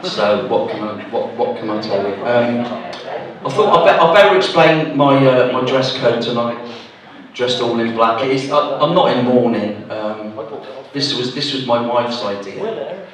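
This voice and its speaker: A man's voice: mid-range voice, measured pace, a crowd in the background. A middle-aged man from Gloucester with a Gloucestershire accent doing a rambling, self-deprecating stand-up routine. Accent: Gloucestershire English. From Gloucester, England. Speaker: stand-up comedian. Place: village hall stage. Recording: very echoey hall, mic from a distance.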